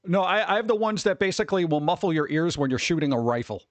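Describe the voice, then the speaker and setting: A man's voice: fairly high pitch, lively intonation, fast talker, no room sound. A man chatting casually with his stream chat, rambling with many restarts. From New York. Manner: rambling, restarts, mimics people in quotes.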